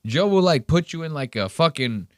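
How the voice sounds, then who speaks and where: A man hosts a podcast and reacts to comedy clips in a loose, profane, mocking way. His voice is smooth and resonant. He sits close to a dry mic with no room sound. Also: on the high side, moderate pace, no room sound. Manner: profane, sarcastic, animated storytelling. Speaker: podcast host. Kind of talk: casual commentary on clips.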